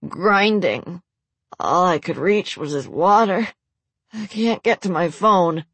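A woman playing a rasping, desperate injured man. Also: medium pitch, no echo, pitched above the performer's own voice, exaggerated voice. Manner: pleading, babbling, gasping.

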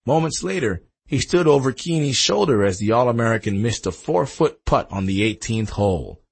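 A male narrator reading a sports biography aloud in a dramatic storytelling manner. His voice is very husky and gravelly, and his pitch moves animatedly. He swells with emphasis at the big moments. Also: expressive, moderate pace. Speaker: audiobook narrator. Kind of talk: scripted narration.

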